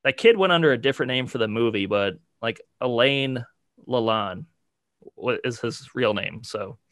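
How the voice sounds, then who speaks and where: A man's voice: mid-range voice, animated, normal speed, fairly bright tone, no echo, clean studio sound. A man co-hosting a podcast, talking casually and rambling with lots of "like" and "you know". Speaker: podcast co-host. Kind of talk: casual chat.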